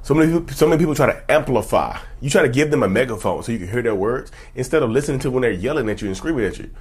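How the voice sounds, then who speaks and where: A man with a husky voice that swoops up and down as he talks. He lectures his viewers in an emphatic, preachy way and keeps throwing rhetorical questions at them. It is casual, direct-to-camera advice talk. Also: medium pitch, animated, very fast. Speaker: self-help YouTuber.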